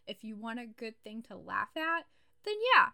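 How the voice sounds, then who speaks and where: A woman's voice: on the high side, animated, normal speed, creaky, pushed and bright. A young adult woman co-hosting a podcast in casual chat, blunt, sarcastic and emphatic. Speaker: podcast co-host.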